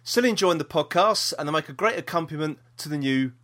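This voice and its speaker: A man's voice: on the high side, expressive, quick pace, fairly bright tone. A man with a South East London accent co-hosting a podcast, chatting and reading out a listener's email with lots of ums. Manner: chatty, reads aloud with many ums and restarts. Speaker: podcast co-host.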